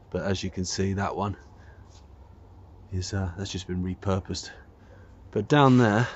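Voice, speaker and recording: A man's voice: lowish voice, a little hiss or hum. Man thinking aloud on a muffled outdoor walk. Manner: curious, thinks aloud about old railway features. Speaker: vlog host. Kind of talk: casual walking commentary. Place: outdoors on a rural old railway trackbed.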